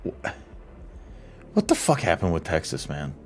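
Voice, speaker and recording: A man's voice: low-pitched, huge pitch swings, measured pace, faint music behind, full character voice. A man voicing a brash, rowdy male vampire wingman with combative, swearing banter in a tabletop role-play. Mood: mock-annoyed.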